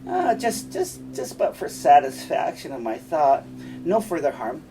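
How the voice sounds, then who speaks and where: A man's voice: a little high, wildly swooping pitch, unhurried, music in the background. A man reading the part of Iago, a scheming officer, asking sly and probing questions, with the mic set some way back. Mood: insinuating. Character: Iago, a scheming male officer sowing doubt. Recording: distant mic, faint room noise.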